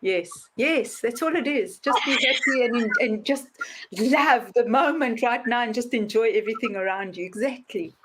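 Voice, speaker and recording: A woman hosting a podcast interview, telling stories with lively acted-out voices. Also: fairly high pitch, normal speed, background noise. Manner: animated storyteller, acts out voices in anecdotes. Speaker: podcast host. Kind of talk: casual interview talk.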